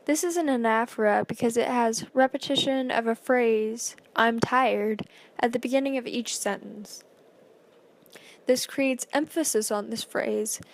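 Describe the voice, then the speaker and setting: A woman reading a school presentation aloud, carefully and with small slips and fillers. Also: fairly high pitch.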